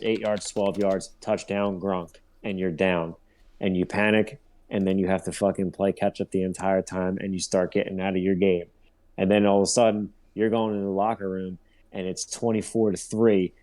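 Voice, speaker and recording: A man co-hosting a casual sports podcast, ranting in a profane, rambling, animated way. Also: sits low. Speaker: podcast co-host.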